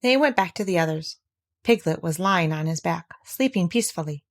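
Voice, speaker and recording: A woman narrating a children's storybook in a calm, measured way. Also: on the low side. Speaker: audiobook reader.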